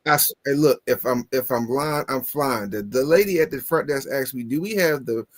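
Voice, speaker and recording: A man on a casual talk show, telling a story in an animated, exasperated way and swearing often. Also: mid-range voice, moderate pace, dry recording. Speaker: podcast co-host.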